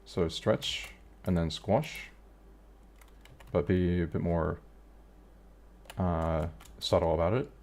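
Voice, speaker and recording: A man's voice: low-pitched, slow pace, pauses often. A man streaming live, talking to himself casually as he works through an animation, with faint music behind. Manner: relaxed thinking aloud, self-talk.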